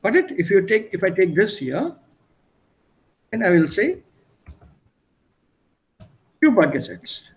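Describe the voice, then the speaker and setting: Male language tutor on a video call, high voice, patient and repetitive in his explanations. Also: big pitch swings, normal speed, pauses often. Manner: patient, explains by repeating synonyms. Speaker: German tutor. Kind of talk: online one-on-one language lesson.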